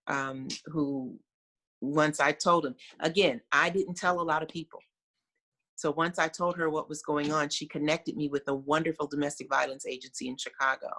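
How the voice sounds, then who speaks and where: A middle-aged American woman speaks on a video call in an earnest, reflective way. Her bright voice carries a gravelly fry, and she pauses often with fillers as she talks. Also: deep voice. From United States. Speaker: guest.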